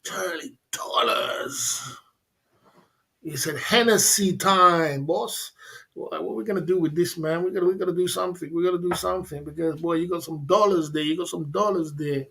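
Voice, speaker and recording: A man's voice: fairly high pitch, steady tone, fast, gravelly, few pauses. A man hosting a livestream in casual chat, repeating his phrases, speaking in slang and laughing often. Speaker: livestream host.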